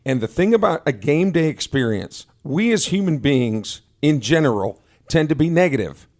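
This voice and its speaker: Easygoing radio co-host. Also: male voice, on the high side, big pitch swings, a little mellow. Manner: easygoing, chiming in with quick reactions. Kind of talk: casual radio chat. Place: radio studio. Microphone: studio mic.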